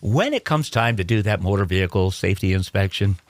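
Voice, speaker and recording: A man's voice: deep voice, animated, fairly quick, no room sound. A man hosting a morning radio show in a studio, joking and laughing often in casual chat.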